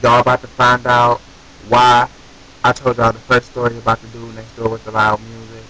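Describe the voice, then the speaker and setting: Animated, profane young man telling a story. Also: medium pitch, moderate pace, rough recording. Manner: animated, profane, rants with rhetorical questions. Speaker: vlogger. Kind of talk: casual storytelling to camera.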